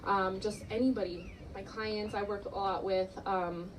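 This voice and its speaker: A woman's voice: mid-range voice, fairly even intonation, a little slow, recorded from a distance, a little hiss or hum, poor audio. A woman in the audience asks a long, hesitant question with many fillers. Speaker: audience member asking a question.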